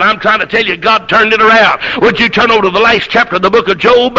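A preacher with a high, piercing, very bright voice, working through a revival sermon in storytelling bursts. He swings from quick asides to slow, shouted climaxes. The recording is dull and lo-fi.

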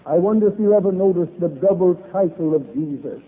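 Preacher on a tinny old recording. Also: male voice, sits high, lively intonation, a little fast, few pauses. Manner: old-fashioned preaching cadence, biblical phrasing. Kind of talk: revival sermon.

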